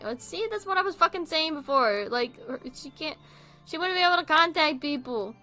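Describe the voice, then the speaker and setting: Swearing, animated young woman host. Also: high voice, moderate pace, faint music behind. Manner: animated, swears freely, laughs often. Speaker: video host reading online posts. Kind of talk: casual commentary.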